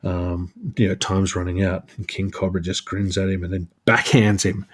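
A man's voice: low voice, level tone, moderate pace. A man hosting a solo podcast, chatting casually about a comic book with lots of fillers and restarts. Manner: rambling, many fillers and restarts. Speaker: podcast host.

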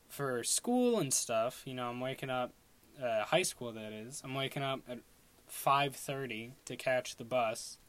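A man's voice: mid-range voice, a bit bright. A young man from Long Island talking in a casual solo podcast, rambling with lots of fillers and restarts. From Long Island, New York. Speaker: podcast host.

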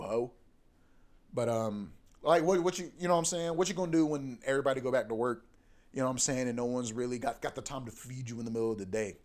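A man's voice: mid-range voice, darkish tone. Profane young man ranting casually. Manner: profane, ranting, fills talk with "bro". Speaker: podcast host. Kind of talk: casual podcast monologue.

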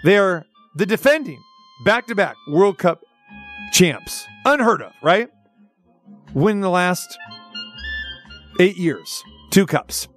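Male sports talk host, high voice, chatty and rambling, faint music bed. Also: animated, slow, pauses often, fairly bright tone. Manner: chatty, rambling, restates points. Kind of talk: casual sports talk commentary.

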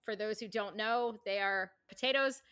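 Brief: animated woman co-host, bright and a touch high, dry studio sound. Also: normal speed, clear, resonant tone, dry recording. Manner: animated, swearing, acting out silly voices. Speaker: podcast co-host. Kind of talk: casual chat.

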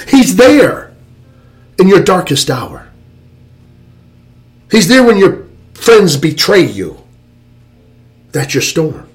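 A man preaching a fervent sermon with dramatic pauses. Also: on the high side.

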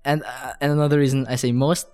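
A young man co-hosting a podcast, talkative and quick to laugh, acting out his own reactions as he goes. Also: medium pitch, little pitch movement, darkish tone. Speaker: podcast co-host. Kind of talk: casual chat.

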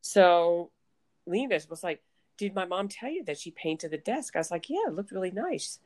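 A woman chatting casually as a podcast co-host, telling animated stories full of laughing asides. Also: on the low side, normal speed. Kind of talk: casual chat.

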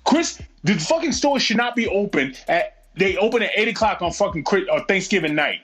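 A man ranting in casual podcast chat, cursing in nearly every sentence. His voice sits a bit high for a man and swings up and down a lot as he gets worked up. He sounds heated and blunt. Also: animated, fairly quick, fairly bright tone, faint music behind, poor audio. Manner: heated, swears constantly, ranting.

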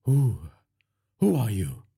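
A man's voice: on the low side, huge pitch swings, takes it slowly, creaky, warm tone, husky, heavily acted. A man voicing a frightened, stammering police constable in an audiobook, hesitant and defensive. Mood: tense, defensive. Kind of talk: audiobook character voice.

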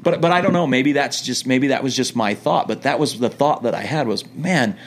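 A middle-aged man telling stories in a laid-back, joking way as a podcast guest, with lots of quick restarts. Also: mid-range voice, background noise. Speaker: podcast guest, returned missionary. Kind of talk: casual storytelling.

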